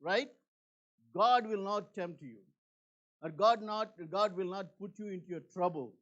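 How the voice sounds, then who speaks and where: A man preaching a church sermon in an earnest, repetitive way, with many fillers, swinging between emphatic and hushed. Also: high voice, unhurried, highs cut off. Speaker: pastor.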